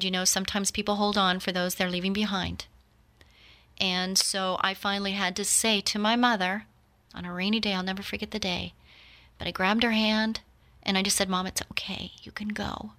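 A woman's voice: mid-range voice, bright, forceful tone. A woman in her fifties in heartfelt personal talk, earnest and reflective, speaking straight to her listeners. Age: 50s.

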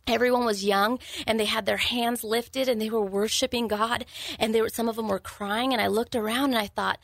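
Earnest woman with a gravelly voice. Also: on the high side, steady tone, dry recording. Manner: earnest, halting storytelling. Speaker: guest sharing testimony. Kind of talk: personal testimony interview.

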